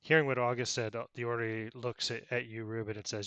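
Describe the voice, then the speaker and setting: A man's voice: medium pitch, little pitch movement, fast, fairly bright tone, clear, resonant tone, no echo. A man narrating as game master in a loose, chatty way, with many fillers.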